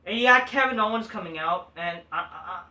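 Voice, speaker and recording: A man's voice: sits high, lively intonation, fairly quick, bright, forceful tone, far from the mic. A man hosting a casual recap show, talking in a blunt, profane, dismissive way. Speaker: host. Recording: echoey room, voice set back from mic.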